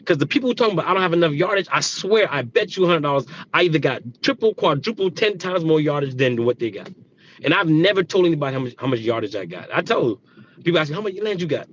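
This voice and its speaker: A man's voice: on the high side, animated, fast talker, highs cut off, slight background noise. A middle-aged man running a dog kennel, talking casually and passionately on a livestream, rambling and repeating himself.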